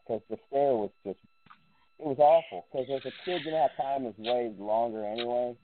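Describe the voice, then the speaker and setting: A fitness pro appears as a guest in a casual chat, telling stories in an easygoing way with small, hesitant restarts. His medium-pitched voice is very animated and moves at a moderate pace. The recording has a dry, phone-line quality.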